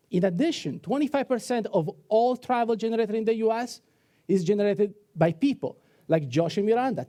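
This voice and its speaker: High-voiced Italian man pitching on stage. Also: mellow. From Italy. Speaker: startup founder pitching. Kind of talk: rehearsed pitch presentation. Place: event hall on stage.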